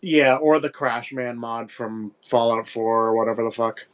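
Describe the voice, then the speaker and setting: A man's voice: mid-range voice, fairly even intonation, moderate pace, a bit bright. A young man co-hosting a podcast in casual, rambling chat, loose and profane with plenty of fillers. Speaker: podcast co-host. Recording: dull lo-fi podcast mic.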